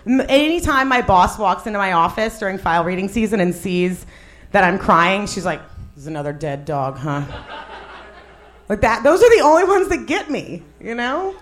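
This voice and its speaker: A woman's voice: medium pitch, brisk, a bit bright. A young woman comedian doing stand-up, then chatting casually with a laughing, self-mocking manner.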